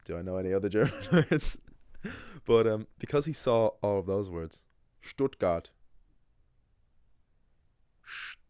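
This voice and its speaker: A man's voice: fairly low pitch, lively intonation, a little slow, long pauses, a little mellow, smooth, no echo, clean studio sound. A young man, talking casually to camera in a rambling way, with lots of fillers and restarts. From Ireland. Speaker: language channel host. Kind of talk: casual talking-head monologue.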